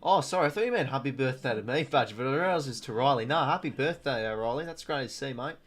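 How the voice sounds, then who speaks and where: Young Aussie stream host, twenties, medium voice, relaxed rambling delivery, answers chat as he goes. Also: mid-range voice, fast. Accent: Australian. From Australia. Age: 20s. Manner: chatty, reads viewer comments, says "mate" often. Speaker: livestream host. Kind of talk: casual live watch-along chat.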